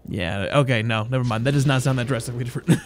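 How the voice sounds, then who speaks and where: A man's voice: mid-range voice, quick pace. A young man streaming a game, chatting casually in a playful, self-mocking way. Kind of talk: casual commentary while gaming.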